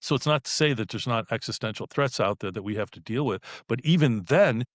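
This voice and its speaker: A man speaks in a medium-pitched voice, close to the mic with no room sound. He explains his ideas casually and laughs now and then. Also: lively intonation, a little fast, no room sound. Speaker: guest. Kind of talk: casual conversation.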